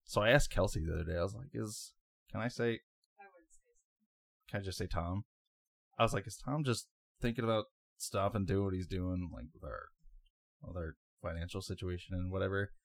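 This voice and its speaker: A man's voice: sits low, moderate pace, creaky, long pauses, dry recording, studio quality. A man co-hosting a podcast, telling a long story in a rambling, laid-back way with lots of fillers. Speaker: podcast co-host. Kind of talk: casual storytelling chat.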